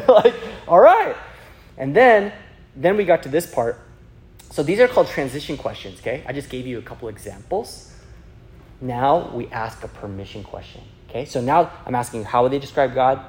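Man, animated and chatty, teaching talk, fillers and acted quotes, faint hiss behind. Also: mid-range voice. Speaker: youth evangelism speaker. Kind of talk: teaching talk with a personal story.

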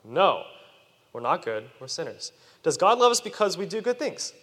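Youth preacher, male, energetic sermon to children, lots of pitch movement, reverberant hall. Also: moderate pace. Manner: animated, questions the audience.

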